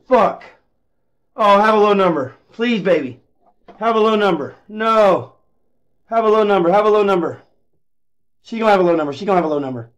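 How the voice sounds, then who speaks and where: Swearing constantly, this gambling streamer lurches between gloomy low muttering and loud, shouted excitement. His delivery is expressive and brisk.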